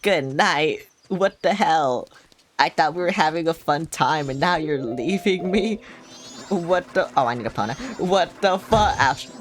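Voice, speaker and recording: A woman's voice: sits low, lively intonation, unhurried, a little hiss or hum. A woman streamer giving live gameplay commentary, chatty and sarcastic, with frequent swearing and asides to herself.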